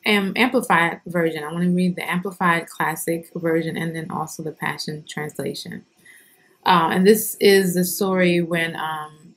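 Earnest woman giving a devotional. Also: low-pitched. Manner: earnest, unhurried, with frequent ums and restarts. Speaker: devotional host. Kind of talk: informal devotional reading and reflection.

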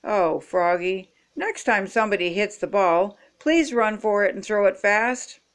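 A woman's voice: medium pitch, clean tone, close to an everyday voice. A grandmother voicing a patient frog dad. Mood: coaxing. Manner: slow, careful instructing. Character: patient, gentle frog father.

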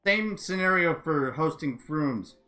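A man live-streaming a racing game, chatting casually and reacting with excitable exclamations. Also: fairly high pitch, measured pace, soft background music. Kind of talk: casual live-stream chat while gaming.

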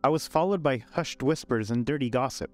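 Man, storyteller, calm narration, mid pitch, soft music underneath. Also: brisk. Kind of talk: scripted first-person story narration. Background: faint background music.

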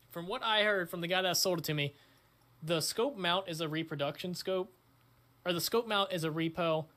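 A young man hosting his own channel, chatting casually in a crude, excitable way, swearing often. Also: fairly high pitch. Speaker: channel host. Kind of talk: casual vlog chat.

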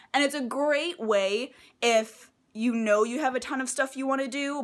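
A woman's voice: fairly high pitch, a bit bright. A young woman talking casually at home about her to-do lists, chatty and rambling. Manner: chatty, rambling, laughs at herself. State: out of breath. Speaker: vlogger. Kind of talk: casual vlog chat. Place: at home, indoors.

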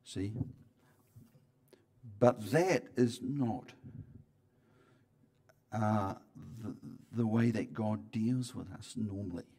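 A man preaching a sermon in church, talking conversationally with frequent restarts and swings between loud emphasis and quiet asides. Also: fairly low pitch, extremely slow, long pauses. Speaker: pastor.

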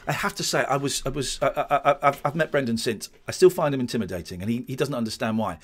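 A man's voice: mid-range voice, fast talker. A man, rambling and restarting as he gives casual commentary on his old show. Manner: rambling, many restarts and stammers. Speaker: host watching back his old show.

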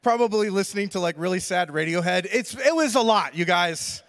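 A man's voice: sits high, fairly quick. A man preaching a sermon as a pastor, telling a funny self-deprecating story in a loose, chatty way and talking straight to the crowd. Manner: animated, self-deprecating, conversational, addresses crowd directly. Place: church auditorium. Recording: reverberant hall sound.

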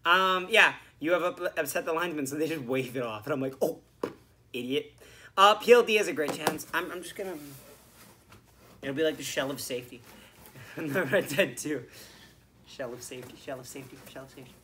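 A man's voice: fairly high pitch, moderate pace, slight background noise. A young man co-hosting a podcast, recapping a hockey game in rambling, profane casual chat. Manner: rambling, profane, swings from mumbling to shouting. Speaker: podcast co-host.

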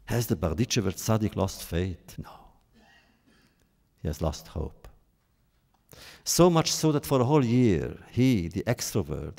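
Solemn man lecturing with a gravelly voice. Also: lowish voice, warm tone. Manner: solemn, measured, with emphatic rises on key words. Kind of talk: formal public lecture.

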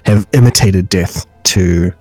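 A man co-hosting a casual podcast, relaxed and hesitant, with many ums as he explains. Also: sits low, slow, dry recording, faint music behind. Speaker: podcast co-host.

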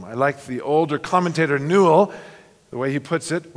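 A man's voice: on the high side, a bit bright. A man preaching a sermon as pastor, earnest and storytelling, building emphatic lists. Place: church sanctuary. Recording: long reverb of a church hall.

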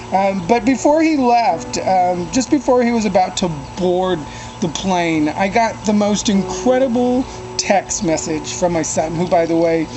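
A man's voice: high-pitched, rough recording. A man in his forties from Fresno, California, speaking to camera in a heartfelt video monologue. He is a little emotional and rambles earnestly, with many ums and restarts. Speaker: vlogger father.

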